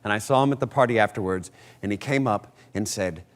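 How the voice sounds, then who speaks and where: A man's voice: lowish voice, fast. A man telling stories in a casual interview, acting out voices as he goes. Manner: lively storyteller who acts out voices. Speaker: actor interviewee.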